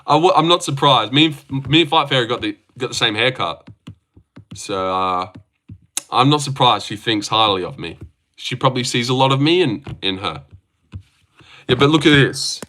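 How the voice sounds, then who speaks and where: A man's voice: mid-range voice, expressive, moderate pace, sharp tone. A young man hosting a casual livestream, reading viewer comments aloud and bantering back in a joking way. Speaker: livestream host. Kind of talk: casual live-stream chat.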